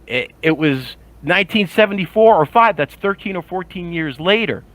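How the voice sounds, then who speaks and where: An older man talking heatedly in a casual group chat, indignant and animated. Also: high-pitched, moderate pace, rough recording. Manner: animated, indignant, mocks others with voices. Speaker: podcast panelist.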